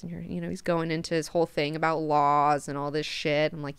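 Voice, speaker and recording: A woman's voice: sits low, level tone, brisk, clear, resonant tone, no room sound. A woman hosting a casual book club, chatting profanely and with lots of energy, and retelling the characters' lines in slang.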